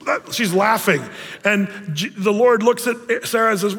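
A man's voice: high voice, fairly quick, vocal fry, a bit bright, husky. A male pastor giving a casual, jokey sermon, slipping into playful voices for Bible figures. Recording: long hall reverb.

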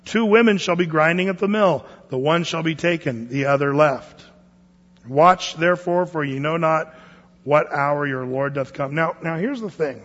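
A pastor teaching a sermon verse by verse in a conversational way, with frequent asides and restarts. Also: male voice, fairly high pitch, normal speed, a bit bright, long reverb tail, lo-fi sound.

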